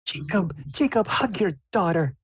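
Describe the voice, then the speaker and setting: A woman's voice: on the low side, normal speed, breathy edge, no room sound, lo-fi sound, voice pushed up. A man voicing a doting middle-aged mother who gushes, fusses and repeats herself. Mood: fussing. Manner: excited, fussing, repeats herself.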